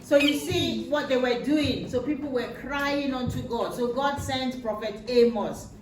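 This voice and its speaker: A woman's voice: high voice, measured pace. A woman retelling a Bible story to a child in simple words, patiently repeating her points. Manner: patient, explains with repetition. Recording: roomy, distant mic with faint noise.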